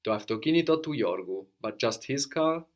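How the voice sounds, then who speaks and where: A man's voice: medium pitch, lively intonation, a little fast. A man teaching a language lesson, patiently explaining and prompting his student.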